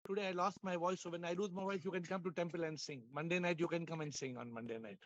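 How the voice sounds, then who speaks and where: A hoarse man, leading a spiritual class over a video call, playful and laughing, with lots of repetition. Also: a little high, fairly even intonation, fast, dry recording, muffled recording. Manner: playful, laughing, repeats phrases, asks questions. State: hoarse, lost his voice. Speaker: spiritual teacher hosting an online class. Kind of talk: casual spiritual class talk.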